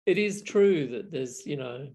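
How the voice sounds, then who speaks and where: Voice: mid-range voice, expressive, a little slow, darkish tone. A speaker in casual conversation, chatty and hesitant, often restarting phrases.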